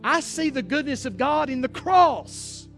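High-voiced folksy male preacher. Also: expressive, measured pace, fairly bright tone, faint music behind. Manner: folksy, emphatic, with humor. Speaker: pastor. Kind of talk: sermon.

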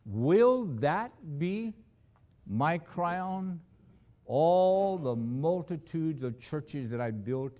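A man preaching a sermon as a missionary, telling stories with dramatic swings between loud emphasis and hushed, low lines.

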